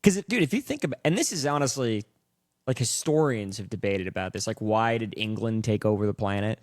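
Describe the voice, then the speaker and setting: A man's voice: lowish voice, lively intonation, brisk, no room sound, studio quality. A man talking as a podcast guest in casual chat, telling loose stories with plenty of swearing and laughter. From Brazil. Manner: loose, profane storytelling with frequent laughs.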